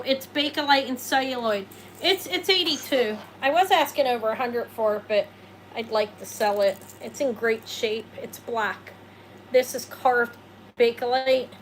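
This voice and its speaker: The recording is rough, with slight background noise, as a woman with a somewhat high, fairly bright voice runs a live jewelry sale. Her talk is casual and meandering; she fields viewer questions and pokes fun at herself with jokes and laughter.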